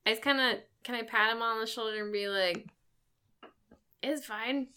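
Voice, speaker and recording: Bright playful woman. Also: on the high side, clean tone. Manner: quick, playful questions. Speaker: player. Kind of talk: casual tabletop play.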